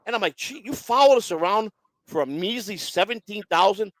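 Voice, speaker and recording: A man's voice: sits high, fairly quick, no room sound, rough recording. A man hosting a casual online show, telling a long profane story and acting out the voices of the people in it. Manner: profane, animated, acts out quoted voices. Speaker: host.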